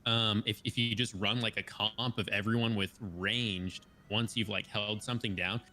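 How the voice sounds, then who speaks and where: Bright-voiced young-sounding male gamer. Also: on the low side, steady tone, moderate pace, a little hiss or hum. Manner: thinks aloud with many "like" and "um" fillers. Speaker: podcast guest. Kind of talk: casual gaming chat.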